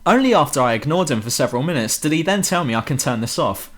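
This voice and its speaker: A man's voice: fairly high pitch, expressive, fast talker, fairly bright tone. A young British man giving a sarcastic, swear-laden game review voice-over on a home mic. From Britain. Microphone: home computer mic.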